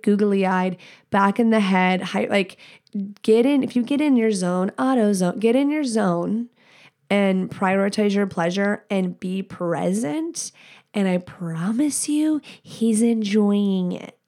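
A woman hosting a podcast alone, talking candidly and rambling, swearing freely and acting out what other people say. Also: medium pitch. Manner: candid, rambling, profane, quotes people in animated voices. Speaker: podcast host. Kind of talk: casual solo podcast talk.

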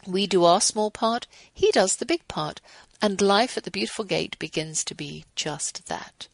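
A woman in her fifties hosting a radio show, reading a passage aloud and giving earnest, gently devotional closing remarks. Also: medium pitch, animated, measured pace, creaky, dry recording, low-quality recording.

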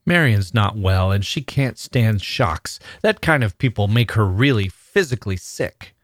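A man reading the part of a curt, weary brother-in-law, speaking short and flat. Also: lowish voice, a little slow, dry recording.

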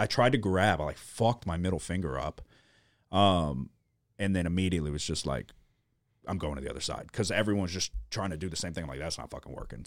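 A young man with a low, deep voice tells a wild story in loose, casual chat, full of fillers and swearing. The sound is close and dry, with no room around it. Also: no room sound.

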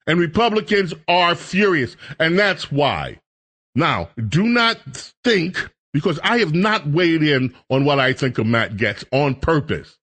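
A middle-aged man hosts a political radio show in a heated, sarcastic monologue. His voice sits fairly high and swings widely in pitch as he drives his points home. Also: a bit bright. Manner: heated, sarcastic, mocks others in put-on voices. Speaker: radio talk show host.

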